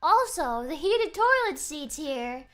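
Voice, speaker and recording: A young woman streaming, telling a rambling story in a giggly, animated way. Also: high-pitched, slow, soft background music. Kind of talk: casual chat. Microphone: streaming microphone.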